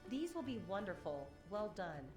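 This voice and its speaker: A woman's voice: mid-range voice, big pitch swings, normal speed. A woman voicing a cheerful, chatty young villager in a game, with an AI-generated voice. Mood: friendly. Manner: chatty, lightly joking. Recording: echoey game audio over music.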